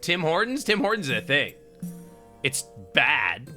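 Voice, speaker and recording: A young man on a live stream, reading a game's narration aloud and breaking off into crude, laughing banter with his viewers. His voice sits a little high and rings bright and forceful, with faint music playing underneath. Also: very animated, measured pace. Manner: playful, crude, laughs often, reads narration aloud between jokes.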